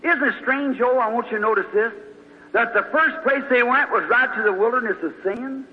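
A man's voice: very high-pitched, fairly quick. A man preaching a sermon, telling folksy stories and breaking into fervent praise. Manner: folksy storytelling, fervent outbursts. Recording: dull sound in a large hall.

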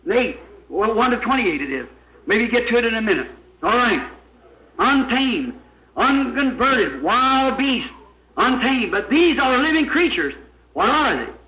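A man preaching a sermon, fervent and emphatic, spelling out words letter by letter. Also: very high voice. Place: church. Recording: echoey, dull lo-fi old recording.

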